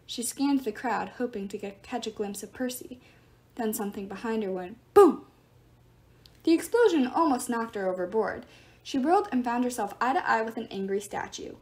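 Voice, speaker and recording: A woman reading a novel aloud with expressive narration. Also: a little high, moderate pace. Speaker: book reader.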